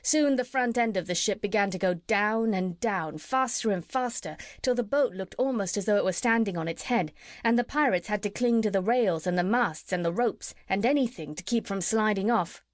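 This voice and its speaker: A woman narrating a classic children's story as an audiobook reader, steady and clear. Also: medium pitch, moderate pace, few pauses, no room sound. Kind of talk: scripted narration.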